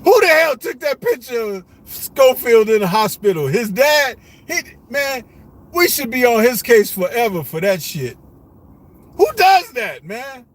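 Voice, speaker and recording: A man's voice: extremely high pitch, very animated, unhurried. A middle-aged man hosting a live stream, chatting casually, laughing often and swearing a lot as he rides in a vehicle. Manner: laughs often, slangy and profane.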